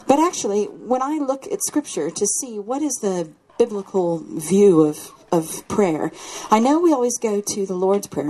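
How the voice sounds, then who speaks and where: A middle-aged woman giving a lively talk to parents, often acting out quotes in different voices. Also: on the high side, slightly rough, poor audio. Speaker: speaker on children's faith.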